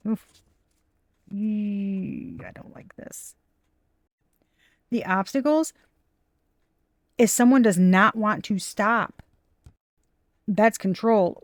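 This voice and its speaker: A woman's voice: mid-range voice, darkish tone, dry recording, studio quality. A woman giving a casual tarot reading, blunt and profane, with frustrated asides to her viewers. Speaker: tarot reader.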